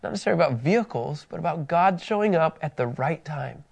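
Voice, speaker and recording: A man teaching a Bible study lesson in a conversational, animated way, telling personal stories. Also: on the high side, fast, gravelly.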